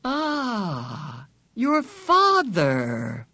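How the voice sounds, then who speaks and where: A narrator voicing a bland, sinister man on a chair who talks in a slow, smooth, patronizing way. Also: medium pitch, huge pitch swings, sharp tone, dry recording, pitched above the performer's own voice, full character voice. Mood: mocking. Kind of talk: audiobook character voice.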